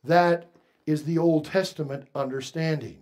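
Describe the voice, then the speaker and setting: A male pastor preaching a sermon slowly and emphatically, stretching out key words for weight. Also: a little high, fairly even intonation, a little mellow.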